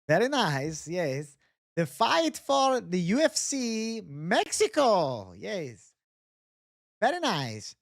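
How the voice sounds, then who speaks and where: A man voicing a cheery male comic reporter who speaks in halting, broken phrases. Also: high-pitched, wildly swooping pitch, vocal fry, no room sound, studio quality, pitched above the performer's own voice, heavily acted.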